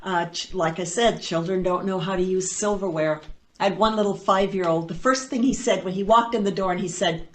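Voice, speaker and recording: A woman's voice: medium pitch, brisk. Playful woman telling a story. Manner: animated, playful storytelling with dry asides. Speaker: storyteller and foster parent. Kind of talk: told personal story at a storytelling event.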